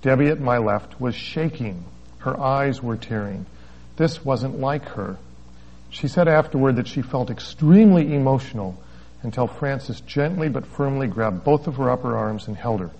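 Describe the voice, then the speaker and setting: A man's voice: mid-range voice, lively intonation, moderate pace, a little mellow. A man preaching as a pastor, reading a story aloud with wry asides and chuckles, on a dull lo-fi recording. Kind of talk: sermon with a read-aloud story.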